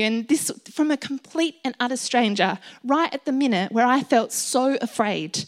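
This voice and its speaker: A woman's voice: fairly high pitch, normal speed, few pauses. A middle-aged woman preaching a sermon in an earnest, conversational way, often asking the listeners questions.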